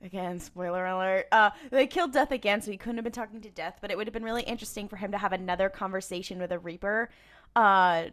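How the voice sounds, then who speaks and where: A woman's voice: mid-range voice, fast talker, a bit bright. A woman co-hosting a podcast in casual chat, rambling through her thoughts with fillers and easy laughs. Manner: rambling, lots of fillers and restarts, laughs easily. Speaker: podcast co-host.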